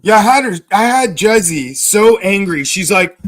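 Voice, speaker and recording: A man's voice: high voice, animated, a bit bright. A man, livestreaming and answering chat with crude, sarcastic banter. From Canada. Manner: sarcastic, crude, slow drawl.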